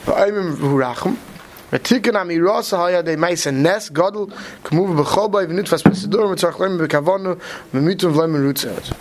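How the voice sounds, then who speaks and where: A Torah teacher leads a study lecture at a quick pace, mixing Hebrew terms into his English and often asking "right?" to check in with listeners. His voice is fairly high, and a light hiss runs beneath the recording.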